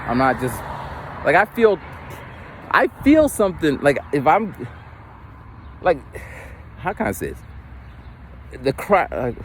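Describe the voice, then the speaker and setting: A man with a fairly high, very lively voice tells stories from his teaching work while he walks along a street. He swings into other people's voices with big leaps in pitch. Faint traffic noise sits behind him, picked up by a handheld phone. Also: slow, pauses often, poor audio. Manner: animated, mimics voices with big pitch jumps. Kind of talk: casual storytelling while walking. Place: outdoors on a street. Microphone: phone camera held while walking.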